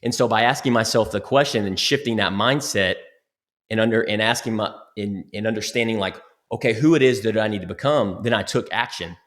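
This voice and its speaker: A man's voice: lowish voice, brisk, a bit bright. A man co-hosting a podcast talks candidly and self-reflectively about personal growth, in a motivational tone. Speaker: podcast co-host. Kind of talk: casual motivational talk.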